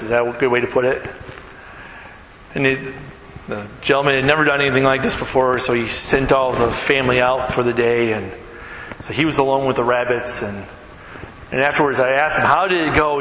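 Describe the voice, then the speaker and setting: Male pastor, sermon delivery, bright slightly high voice, chatty asides, church room echo. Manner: storytelling, conversational asides to the congregation. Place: church sanctuary. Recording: echoey hall with long reverb, faint room noise.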